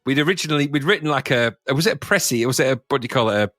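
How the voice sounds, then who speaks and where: A man co-hosting a podcast, chatting casually and teasing his friend with a laugh never far away. His voice is bright and lively, rising and falling a lot. The sound is dry and close. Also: medium pitch, racing, no echo. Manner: jokey, teasing, laughs often. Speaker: podcast co-host. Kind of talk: casual chat.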